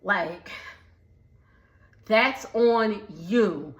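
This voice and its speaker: A woman's voice: medium pitch, extremely slow, reverberant, lo-fi sound. A woman giving a chatty recap of a reality show, laughing often and mimicking the people she quotes. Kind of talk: casual recap vlog.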